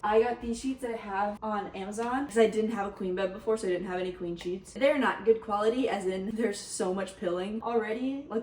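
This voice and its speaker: A woman's voice: medium pitch, darkish tone, slight background noise. Chatty young woman vlogging in a roomy apartment. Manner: chatty, rambling, easily moved. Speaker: vlogger and swim diving coach. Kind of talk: casual vlog chat. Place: apartment, indoors. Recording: roomy audio from a camera off at a distance.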